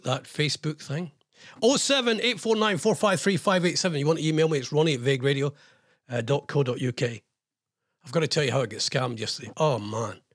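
Husky older man hosting chatty radio. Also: a little high. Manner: chatty, self-mocking storyteller. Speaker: radio show host. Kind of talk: rambling casual radio chat.

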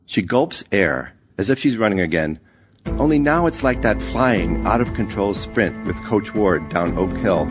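A man narrating a short story in a measured, even reading. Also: lowish voice, music in the background. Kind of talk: scripted narration.

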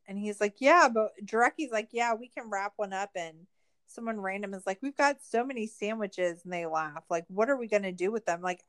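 A woman's voice: mid-range voice, smooth. Chatty woman recapping a show. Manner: chatty, says "like" constantly, acts out quotes. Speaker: podcast co-host. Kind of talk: casual recap chat.

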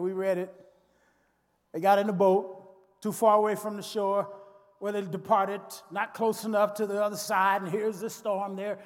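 High-voiced preacher, echoing church. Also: male voice, measured pace. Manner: dramatic, swings from soft to shouting. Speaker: pastor. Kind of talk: sermon. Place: large church sanctuary. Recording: long church reverb.

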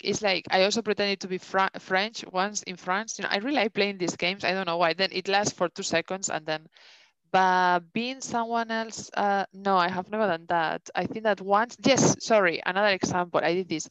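A woman's voice: medium pitch, fairly even intonation, normal speed, a bit bright, clean tone, no room sound. A woman from Spain with a Spanish accent, co-hosting a casual chat, talking freely with lots of fillers and restarts. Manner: chatty, laughing, many fillers and restarts. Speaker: podcast co-host. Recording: dull lo-fi dry sound.

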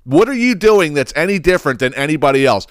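A man's voice: a little high, animated, fast talker, no echo, studio quality. Profane, ranting man. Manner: profane, sarcastic ranting with mocking impressions. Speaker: podcast host. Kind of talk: ranting solo podcast monologue.

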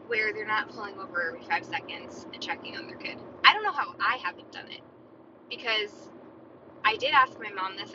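A woman hosting a podcast alone, chatting casually and rambling to herself. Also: medium pitch. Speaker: podcast host. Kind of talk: solo casual chat. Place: inside a moving car. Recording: muffled, with loud car road noise.

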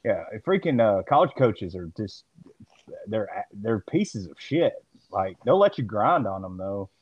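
A man with a fairly low voice rants bluntly in casual chat, swearing with open disgust. The recording is dry, with no room sound, and a little muffled. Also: very animated, a little slow, husky, no room sound.

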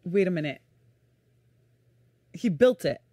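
A woman's voice: on the low side, animated, slow, no room sound, studio quality. Chatty New woman co-host. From Brooklyn, New York. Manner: chatty, laughs often, drops into a hush for story suspense. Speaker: podcast co-host. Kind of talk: casual chat.

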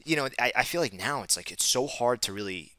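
A man from the Northeastern United States hosting a podcast, chatting quickly and animatedly. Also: mid-range voice, expressive, bright, forceful tone, no room sound. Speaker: podcast host. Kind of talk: casual podcast conversation.

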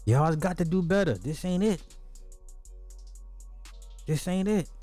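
A man hosting a podcast in casual livestream commentary, animated and slangy, talking straight to his viewers. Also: high voice, slow pace, faint music behind. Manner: animated, slangy, addresses the chat directly. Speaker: podcast host.

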